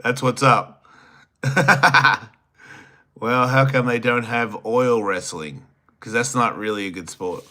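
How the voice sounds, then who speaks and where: A man's voice: medium pitch, takes it slowly, bright, forceful tone. A man with an Australian accent, hosting a solo livestream, reading chat questions and answering in a crude, teasing, rambling way. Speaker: host.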